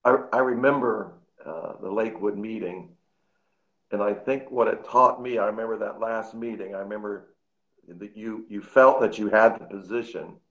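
A man earnestly recalling a past meeting and his regret, speaking haltingly and repeating himself. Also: lowish voice, a bit bright, dull audio. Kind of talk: reflective testimony.

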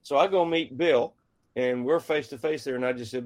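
A man's voice: mid-range voice, brisk. Middle-aged guy telling a story, folksy and chatty, does the voices of people he quotes. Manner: folksy and animated, acting out quoted dialogue. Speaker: author and guest. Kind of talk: conversational storytelling.

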